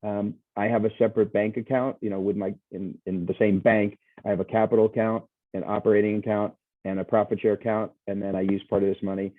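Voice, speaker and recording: Heard through dry, tinny video-call audio that resembles a phone line, a guest speaker rambles through a casual, enthusiastic sales presentation, restarting again and again. He talks at a quick pace, his voice on the low side and level.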